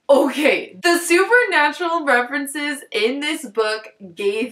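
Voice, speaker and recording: A woman giving a casual book review at home, excitable and rambling, with lots of "like" fillers. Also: high-pitched, measured pace, few pauses, roomy sound. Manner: excitable and rambling, heavy use of "like". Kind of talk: casual book talk vlog. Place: top-floor apartment at home.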